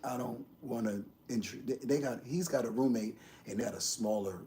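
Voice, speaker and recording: A man hosting a casual livestream, rambling to his viewers and swinging from low mumbles to loud outbursts. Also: normal speed, slight background noise. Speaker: livestream host.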